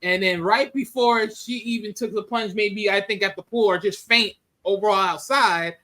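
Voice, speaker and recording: A man with a high, bright voice talks through a film in loose, casual chat. He is animated, laughs easily and breaks into quick voices to act out the scenes. His delivery is lively and unpolished. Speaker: movie reviewer. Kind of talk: casual spoken movie review.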